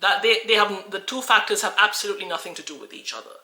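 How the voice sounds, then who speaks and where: A woman's voice: mid-range voice, quick pace, pushed and bright, reverberant, poor audio. A woman from Australia who coaches English, talking earnestly and encouragingly to camera with frequent restarts. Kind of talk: talking-head video.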